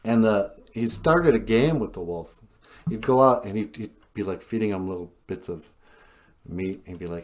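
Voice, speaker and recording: A man's voice: on the low side, moderate pace. A man from an Ojibwe community retelling a story in a loose, chatty, joking way with laughing asides. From Ojibwe community, North America. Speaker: storyteller, host. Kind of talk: comic storytelling.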